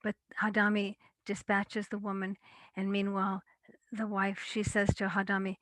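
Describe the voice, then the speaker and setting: A woman storyteller telling a folktale in a measured, deliberate way. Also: medium pitch, monotone, fairly bright tone, dry recording.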